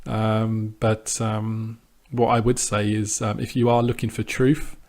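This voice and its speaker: Low-voiced man talking through a trading update. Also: level tone, unhurried, a little mellow. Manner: conversational with frequent ums and restarts; defiant, dismissive of critics. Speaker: sports trader vlogger. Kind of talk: casual monologue to camera.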